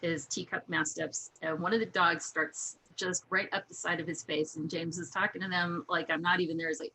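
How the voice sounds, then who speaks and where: A woman guest telling lively anecdotes in casual talk, laughing often. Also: on the low side, brisk, hardly any pauses, poor audio. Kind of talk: casual storytelling.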